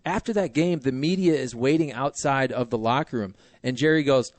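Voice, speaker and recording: A male sports radio host talks in a loose, animated way, tossing in jokes and quick asides. His voice sits in an ordinary middle pitch. The sound is dry and close, with no room around it. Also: no echo. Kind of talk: casual sports radio chat.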